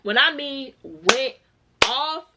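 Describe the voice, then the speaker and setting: A woman in her twenties telling a personal story in a casual, animated vlog, acting out the other people in it. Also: sits high, slow, background noise. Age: 20s. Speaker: vlogger.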